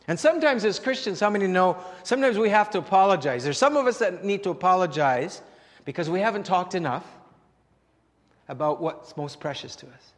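A man preaching a sermon in a conversational way, often repeating words and asking the congregation rhetorical questions. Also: high voice. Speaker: pastor. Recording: long hall reverb.

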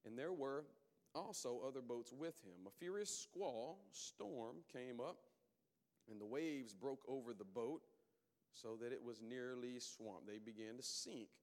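A man delivering a Sunday sermon in a relaxed, emphatic style, often checking in with his listeners. His voice sits at a middle pitch and swings up when he presses a point. A long reverb from the sanctuary trails behind him. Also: a little slow. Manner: emphatic, conversational, calling out to the congregation. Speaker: preacher.

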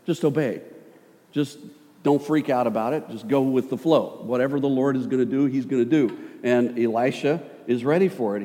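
A man preaches in a relaxed, chatty way, mixing scripture reading with jokes and acted-out asides. His voice is mellow and dark. It rings out with a long hall reverb, as in a church sanctuary. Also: mid-range voice. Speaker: pastor. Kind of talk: sermon.

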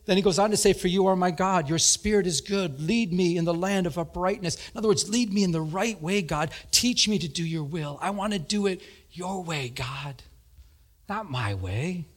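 A middle-aged man preaching a sermon, telling stories with animated energy and laughter. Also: moderate pace. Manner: animated storytelling, laughing, rising to high emphatic peaks. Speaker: pastor.

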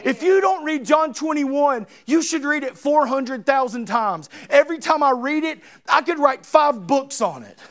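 High-voiced preacher, animated and dramatic. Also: male voice, normal speed, hardly any pauses. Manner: animated, dramatic, acts out Bible characters. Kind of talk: sermon.

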